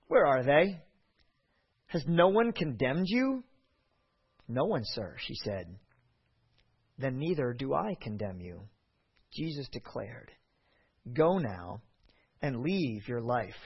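A man preaching a sermon, reading scripture aloud and acting out the voices with an expressive delivery. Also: mid-range voice, slightly rough, dull audio.

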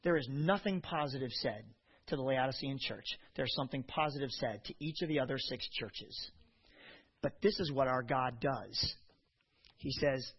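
A middle-aged man preaching a sermon, telling personal stories passionately and swinging from quiet reflection to loud emphasis. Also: mid-range voice, moderate pace, breathy edge. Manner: anecdotal storytelling. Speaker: pastor. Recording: dull lo-fi recording.

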